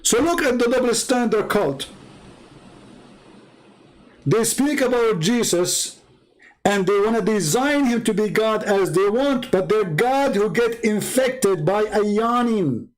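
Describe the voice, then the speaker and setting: Male stream host, high voice, emphatic polemical debater, broken English grammar. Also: animated, takes it slowly, low-quality recording.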